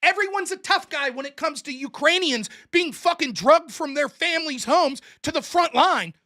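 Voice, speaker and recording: A man hosts his own political show alone, ranting in a sarcastic and combative way and swearing freely. His voice jumps all over the place and has a bright, sharp edge. He often mocks the people he argues against. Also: extremely high pitch, animated, moderate pace. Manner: mocking mimicry of opponents. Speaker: political commentary host. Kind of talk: solo political rant.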